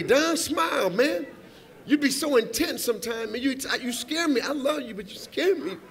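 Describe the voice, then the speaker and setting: High-voiced man riffing comedy onstage. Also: pushed and bright. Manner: playful, rambling, teasing the musicians directly. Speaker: awards show presenter. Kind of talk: comedic stand-up riffing from the stage. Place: large awards hall, live audience.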